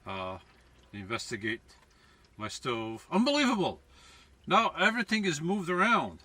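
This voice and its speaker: A man's voice: mid-range voice, big pitch swings, a little slow, pushed and bright, distant mic. A man chatting casually to his viewers as folks while cooking inside his camper van, often restarting and correcting himself. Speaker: van life vlogger. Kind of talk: casual cooking vlog talk.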